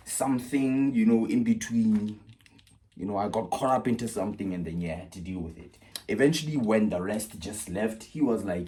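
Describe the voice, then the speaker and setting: A young man recounts a story in a loose, casual vlog. He talks with animation, jumping from loud, excited bursts down to low, muttered asides. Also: moderate pace.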